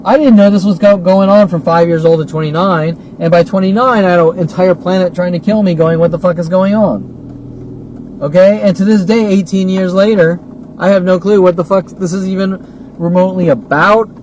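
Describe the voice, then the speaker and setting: Speaking fairly quickly with a high-pitched, steady, darkish voice, a male vlogger in his forties rants from behind the wheel. His monologue is agitated, repetitive and loaded with rhetorical questions, and car noise fills the recording.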